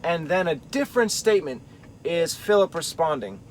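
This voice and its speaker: A man's voice: on the high side, animated, normal speed, a little hiss or hum. A man teaching a Bible study, thinking aloud and carefully weighing different readings of the text. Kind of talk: explanatory Bible study talk.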